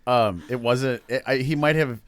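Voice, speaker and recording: A man co-hosting a casual comedy podcast, telling a long joke with halting restarts and fillers. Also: mid-range voice, clear, resonant tone, dry recording. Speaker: podcast co-host. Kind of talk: casual comedy chat, storytelling.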